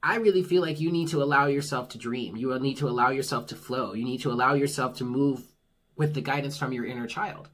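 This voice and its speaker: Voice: mid-range voice, brisk, fairly bright tone. A tarot reader giving a casual monthly reading, talking frankly, swearing freely and reassuring the listener. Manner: laughs at own jokes.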